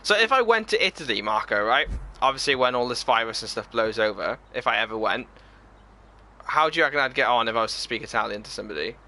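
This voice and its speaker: A man's voice: mid-range voice, lively intonation, fast, sharp tone. A man chatting casually on a live game stream, reading viewer comments aloud and answering them. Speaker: gaming streamer.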